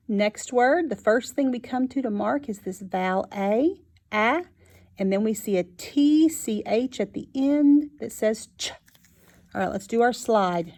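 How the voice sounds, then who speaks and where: A woman teaching a phonics lesson to young children, sounding out each word slowly and clearly. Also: on the high side. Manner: slow and clear, sounding out words.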